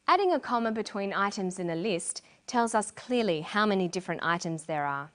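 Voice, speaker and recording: A middle-aged woman presenting an English lesson in scripted narration, explaining clearly and deliberately. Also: medium pitch, expressive.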